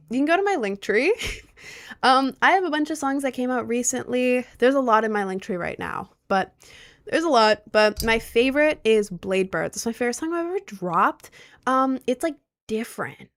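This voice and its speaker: A young woman in her twenties talks casually to her stream while still out of breath, giggling and rambling between topics. Her voice sits a little high for a woman. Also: lively intonation, moderate pace. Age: 20s. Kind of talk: casual chat.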